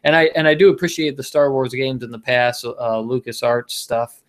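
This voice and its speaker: A man's voice: medium pitch, moderate pace. A man co-hosting a casual podcast, talking in a rambling way with many restarts and fillers. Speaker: podcast co-host. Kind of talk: casual chat.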